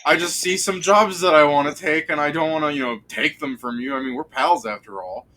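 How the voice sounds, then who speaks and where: A man's voice: a little high, fairly quick, bright, forceful tone, slight background noise, pitched above the performer's own voice. A man voicing a smug, scheming male adventurer who sounds falsely casual and boastful.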